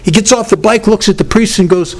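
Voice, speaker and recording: A man's voice: high-pitched, a little fast, slight background noise. A man speaking at a recovery workshop, talking in an earnest, storytelling way that often breaks off and restarts. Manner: storytelling, self-interrupting, earnest.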